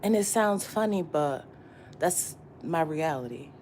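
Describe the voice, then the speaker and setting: A woman's voice: deep voice, expressive, measured pace, a little mellow, a little hiss or hum. A woman tarot reader giving a casual morning pep talk to her viewers, slangy and profane, repeating herself for emphasis. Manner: repetitive and emphatic, often asking "you get what I'm saying?".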